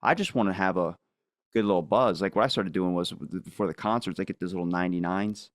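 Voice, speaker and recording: A man's voice: low voice, quick pace, dry recording, studio quality. A man chatting casually as a podcast guest, telling rambling stories with lots of fillers and swearing. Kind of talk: casual chat.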